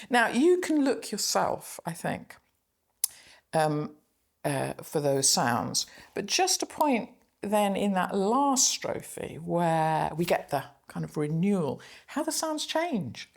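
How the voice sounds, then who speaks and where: A middle-aged woman lecturer talking through a poem reflectively, reading its German lines slowly aloud. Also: medium pitch, creaky, slightly rough. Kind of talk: spoken poetry analysis lecture.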